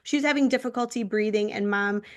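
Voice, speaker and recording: A young woman co-hosting a podcast, telling a story in an animated, chatty way. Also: medium pitch, quick pace. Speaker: podcast co-host. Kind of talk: casual chat.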